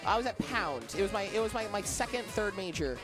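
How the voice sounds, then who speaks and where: A man doing casual commentary on a live stream, playful and self-deprecating, telling animated stories. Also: high voice, quick pace, over music. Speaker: esports commentator.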